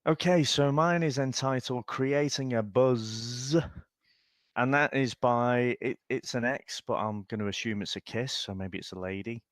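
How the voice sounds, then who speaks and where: A man co-hosting a podcast, chatting casually with a lively manner and easy laughs. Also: medium pitch, a little slow, dry recording, studio quality. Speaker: podcast co-host.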